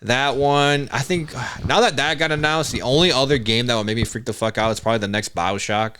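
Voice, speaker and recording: A man's voice: mid-range voice, brisk, fairly bright tone, slight background noise. A man hosting a casual gaming news podcast, laid-back and saying "like" and "bro" often. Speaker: podcast host reading news items. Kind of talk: casual chat.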